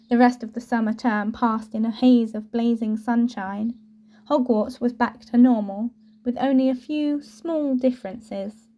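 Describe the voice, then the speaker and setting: A woman reading a novel aloud with steady, clear storytelling. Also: fairly high pitch, unhurried, lo-fi sound. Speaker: audiobook reader.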